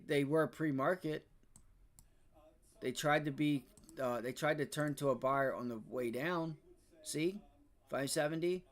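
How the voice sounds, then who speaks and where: A young man hosting a live day-trading stream, ranting and swearing about the market, swinging between loud outbursts and low muttering. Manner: frustrated, profane, ranting about price action. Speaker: day trading livestream host.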